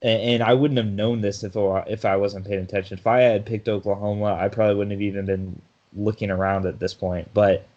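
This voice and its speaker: A man's voice: lowish voice, level tone, a little fast, few pauses, a little mellow, dull audio. A man co-hosting a sports podcast in casual chat, talkative, often laughing and restarting his sentences. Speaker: podcast co-host.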